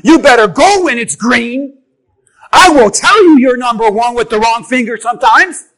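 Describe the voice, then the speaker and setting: A man preaching a sermon to his church with an object lesson, animated and swinging from quiet asides to shouting. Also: very high-pitched, normal speed. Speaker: pastor.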